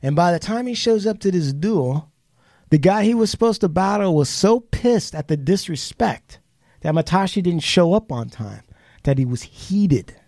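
A man's voice: high voice, expressive, normal speed, darkish tone, no room sound, studio quality. A man co-hosting a podcast, telling a long story in casual chat, swearing freely and acting out the quotes. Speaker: podcast co-host. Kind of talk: casual storytelling among friends.

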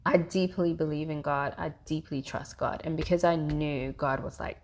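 Brief: woman, 30s, lower pitch, animated candid podcast guest who laughs a lot. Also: moderate pace. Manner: animated, laughs often, repeats herself. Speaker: therapist guest. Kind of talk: casual podcast interview.

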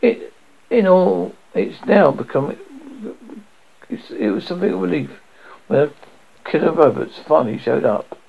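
The Doctor, a raspy eccentric traveller, as a man reads him. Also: fairly high pitch, animated, normal speed, pauses often, heavily acted. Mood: uneasy. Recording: dull lo-fi audio.

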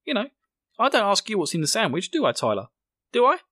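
A man's voice: sits high, wildly swooping pitch, fast talker, fairly bright tone, no room sound. A young British man hosting a podcast, recapping an episode in a jokey, sarcastic, rambling way. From Britain. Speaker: podcast host.

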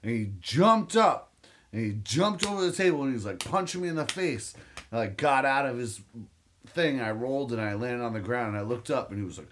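A man's voice: mid-range voice, lively intonation, fairly quick, a bit bright. Man swearing through a rambling anecdote. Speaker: podcast co-host. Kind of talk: casual storytelling chat.

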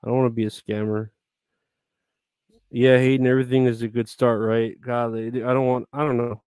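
A man's voice: medium pitch, flat delivery, moderate pace, a little mellow, smooth. A man chatting casually with viewers on a live stream, rambling, grumbling and swearing a lot.

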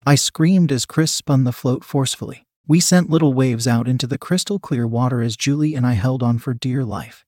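A man reading a first-person story aloud as a steady narrator. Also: medium pitch, moderate pace, hardly any pauses, dry recording, studio quality. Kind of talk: scripted narration.

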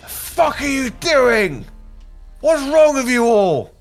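A man voicing a wounded, panicking army captain who shouts for help. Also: extremely high pitch, very animated, slow pace, soft background music, voice pushed up, heavily acted. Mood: panicked. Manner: shouting desperately.

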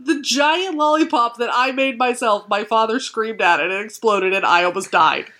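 A whiny, upset little boy, as a woman puts him on in a comedy podcast, whimpering his complaint in a raised, bright voice. The whine is played broadly for laughs. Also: a little high, moderate pace. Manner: mock-whining comic paraphrase.

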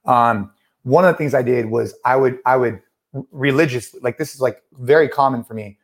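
A man's voice: mid-range voice, moderate pace. A man in his thirties co-hosting a podcast, telling a story casually with many fillers. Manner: animated storyteller, many fillers like "like" and "you know". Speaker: podcast co-host.

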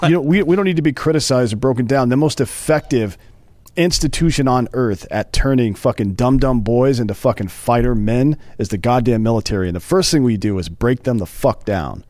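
A man's voice: mid-range voice, a little fast, darkish tone, no room sound. A man co-hosting a podcast, talking bluntly in casual banter and swearing heavily as he rants. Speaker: podcast co-host.

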